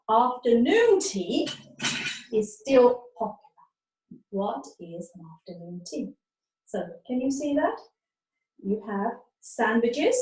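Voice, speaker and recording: A middle-aged woman from England teaching learners in a slow, deliberate way, often checking that they follow. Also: a little high, darkish tone, recorded from a distance. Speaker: webinar teacher. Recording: echoey room, speaker off-mic.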